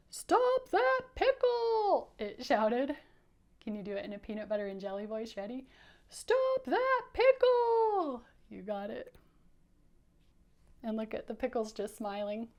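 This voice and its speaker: A woman's voice: mid-range voice, fairly even intonation, moderate pace, darkish tone. A woman teacher giving a playful, coaxing read-aloud for children, inviting them to repeat lines after her. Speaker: teacher reading aloud to kids.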